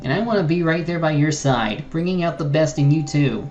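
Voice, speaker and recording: A streamer voicing a soft-hearted, forgiving young woman paladin and healer, reading game dialogue aloud with stumbles and restarts. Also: low voice, a little fast, dull audio, faint music behind, lightly acted. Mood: tender.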